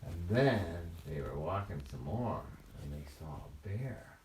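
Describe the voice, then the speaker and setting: An older man tells a bedtime story in a deep, gentle, unhurried voice. He is recorded from a distance in an echoing room, with faint noise beneath. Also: lively intonation. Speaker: grandfather telling a story. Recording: roomy, mic at a distance.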